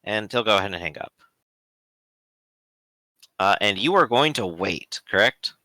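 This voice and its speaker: A man narrating as game master in a tabletop game, relaxed and chatty with fillers. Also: on the low side, a little slow, no room sound.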